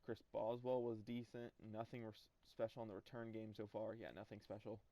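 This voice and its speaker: A man's voice: fairly low pitch, flat delivery, fairly quick, warm tone, dry recording. A young man casually talking through his sports video game season as a channel host, offhand and rambling, with the odd swear. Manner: offhand, rambling, mildly profane. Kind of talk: casual gameplay commentary. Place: indoors at home during a storm.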